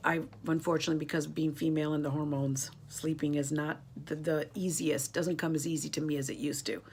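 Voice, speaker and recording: A woman's voice: sits low, little pitch movement, fairly quick, a little mellow, slight background noise. A woman in her fifties chatting casually to camera, rambling and turning emotional as she talks. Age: 50s. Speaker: beauty YouTuber. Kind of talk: casual tag video chat.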